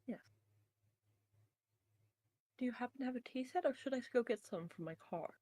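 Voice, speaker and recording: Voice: mid-range voice, expressive, moderate pace, mellow, pitched above the performer's own voice, lightly acted. A player voicing a cheerful, flower-loving adult who offers tea politely and chats sweetly.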